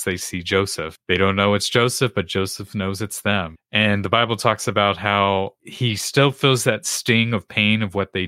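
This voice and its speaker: A man's voice: sits low, sharp tone, no room sound, clean studio sound. A man hosting a faith podcast, earnestly retelling a Bible story and encouraging listeners. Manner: earnest, retelling scripture with restarts. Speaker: podcast host.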